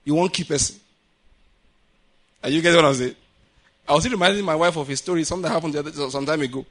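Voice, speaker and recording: A male pastor with a Nigerian accent delivers a lively sermon in a church. His voice sits somewhat high for a man. He tells stories and keeps asking his congregation whether they follow his point. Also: very fast. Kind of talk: sermon with storytelling. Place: church building.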